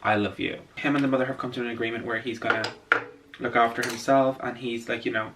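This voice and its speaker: A man's voice: mid-range voice, flat delivery, fast, far from the mic, noisy background. A man vlogger chatting casually about a film while doing his makeup, gushing and playful. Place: indoors at home, doing makeup on camera.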